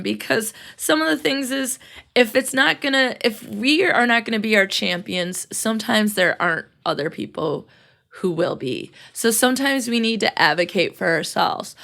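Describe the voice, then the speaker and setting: A young adult woman who hosts a podcast and also teaches chats casually and freely, laughing often and acting out what people said. Her voice is mid-range, creaky and a bit bright.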